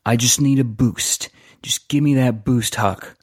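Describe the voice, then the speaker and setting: A man's voice: mid-range voice, a little slow, darkish tone, husky, dry recording, studio quality. A man voicing an ambitious, ingratiating male street hustler who pleads earnestly for a break. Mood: pleading. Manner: pleading, earnest, repeats names.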